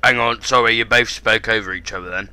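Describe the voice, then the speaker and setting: A young man with an Essex accent chatting over game voice chat, mock-aggressive and swearing, sometimes bursting into shouts. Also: fairly low pitch, fairly even intonation, fairly quick. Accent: Essex English. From Essex, England. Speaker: gaming YouTuber.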